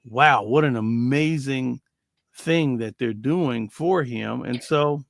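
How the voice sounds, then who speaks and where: A man co-hosting a casual faith talk show, telling stories with lively acted-out quotes. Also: medium pitch, takes it slowly, vocal fry, no echo, clean studio sound. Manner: animated storyteller, acts out quoted voices.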